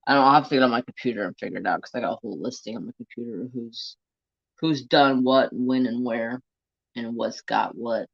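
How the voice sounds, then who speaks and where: Chatting and rambling to viewers and a pet, this crafting streamer talks from home in a medium-pitched, creaky voice at a fairly quick pace. The lo-fi home stream audio sounds dull, with no echo.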